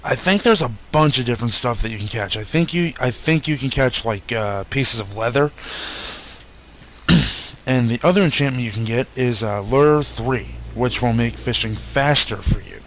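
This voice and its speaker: A man's voice: mid-range voice, normal speed, slight background noise. A young man casually walking through a game update, talking easily with frequent fillers and self-corrections. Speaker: gaming YouTuber.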